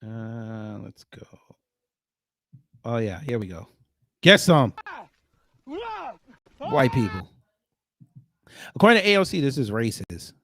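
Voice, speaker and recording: A man hosting casual reaction commentary, animated and exclamatory, with heavy slang and jokes. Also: medium pitch, slow, long pauses. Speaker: commentary host.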